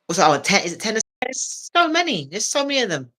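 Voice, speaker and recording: This woman tells her stories in bright, ringing tones, jumping into little voices for everyone she quotes. She is a comedian guest on a podcast, chatting casually and laughing between lines. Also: medium pitch, quick pace. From England. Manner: animated storyteller who acts out quoted voices and laughs often. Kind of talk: casual storytelling chat.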